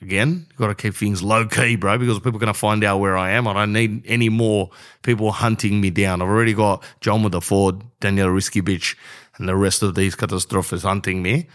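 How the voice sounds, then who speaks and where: A man's voice: lowish voice, fairly even intonation, brisk, a bit bright. A young man with an Australian accent, hosting a podcast in a brash, rambling, jokey monologue that runs into an ad read. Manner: rambling, brash and jokey, says bro a lot. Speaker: podcast host.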